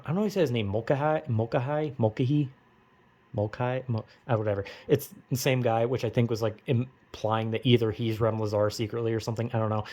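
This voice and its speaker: Young man, casual rambling recap, profane, filler-heavy, mid-pitched. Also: darkish tone. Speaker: vlogger.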